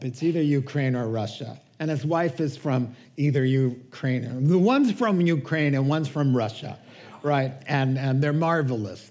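Slow-talking male pastor preaching. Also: mid-range voice, a little mellow. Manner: slow, conversational preaching with chuckles. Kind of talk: sermon.

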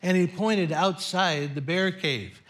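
A man's voice: sits high, slow pace, a bit bright. A middle-aged man preaching a sermon as pastor, telling a story in a playful way.

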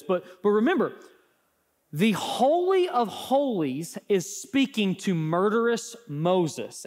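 A man preaching from the pulpit with a fairly high voice. His delivery swings between loud, lifted points and low, hushed asides. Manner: animated, rising and falling emphasis. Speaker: pastor. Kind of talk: sermon.

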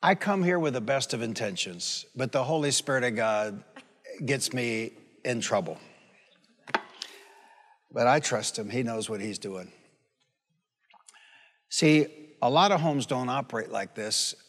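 A man's voice: mid-range voice, animated, a little slow, pauses often, a bit bright. A man in his sixties preaching a sermon as pastor, folksy and conversational, with asides and questions thrown to the congregation. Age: 60s. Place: church sanctuary. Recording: long hall reverb.

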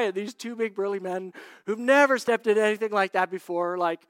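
A man's voice: high-pitched, fairly quick, a bit bright, clean tone, dry recording, studio quality. A man preaching a sermon, telling a story and acting out the people in it. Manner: storytelling, acts out quoted voices. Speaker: pastor.

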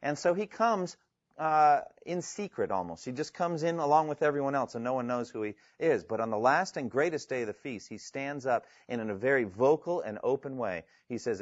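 A man lectures a class on evangelism, often pausing to read Bible verses aloud with rising emphasis. His voice sits at a middle pitch and sounds dry and close, with a slightly muffled, lo-fi quality. He turns to the class with questions now and then. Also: lively intonation, no room sound. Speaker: evangelism instructor. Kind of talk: classroom lecture with scripture reading.

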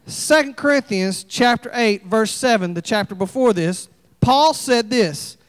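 A pastor preaching a sermon, folksy and animated, acting out little scenes. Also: male voice, very high-pitched, measured pace, in a large hall. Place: church sanctuary.

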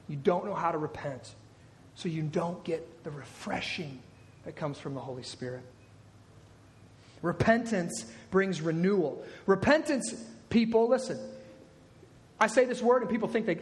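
A man with a very high voice preaches to his congregation. He drives each point home and repeats key words to press them in. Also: lively intonation, measured pace, pauses often. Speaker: pastor. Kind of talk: sermon.

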